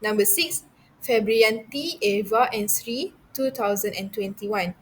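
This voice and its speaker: A woman's voice: medium pitch, unhurried, a little hiss or hum, poor audio. A young woman giving a university class presentation, reading through her points with frequent hesitations and restarts.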